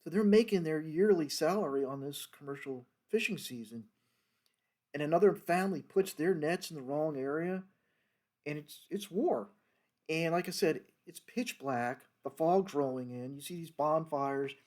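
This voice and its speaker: A man's voice: on the high side, moderate pace, a little mellow. A man, a former federal agent, telling a story from his working days in a loose, rambling way, with many fillers and restarts. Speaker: retired federal fisheries agent telling stories. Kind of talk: casual storytelling monologue.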